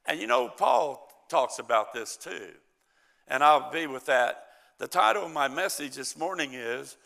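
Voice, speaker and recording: A man's voice: mid-range voice, animated, unhurried, gravelly, bright, forceful tone. A male pastor preaching a sermon, retelling a parable and acting out the characters' lines.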